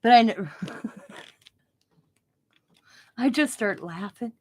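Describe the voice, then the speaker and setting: A middle-aged woman casually telling a story as host of her own channel, animated and informal, often laughing at her own tale. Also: fairly high pitch, drawn-out words.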